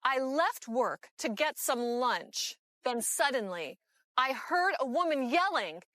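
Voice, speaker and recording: An actress playing an excitable young woman who witnessed a robbery, in a scripted scene for English learners, speaking slowly and clearly. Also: high-pitched, dry recording, clean studio sound, exaggerated voice. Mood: animated. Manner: animated, slow and clear. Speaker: eyewitness in a lesson video.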